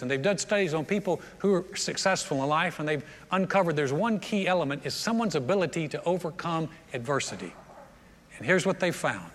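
A man preaching a sermon as a pastor, animated, repeating words and acting out prayers. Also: a little high, big-room sound.

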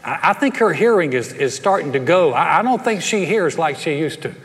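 A pastor voicing an aging worried husband. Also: male voice, fairly high pitch, expressive, brisk, a bit bright, long reverb tail. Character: aging husband worried about his wife.

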